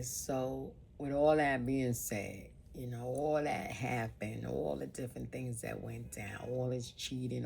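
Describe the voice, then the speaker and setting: A woman's voice: rumbling low, creaky, a little mellow, a little hiss or hum. A woman vlogger telling a personal story in an emotional monologue, earnest and informal, piling up repeated phrases.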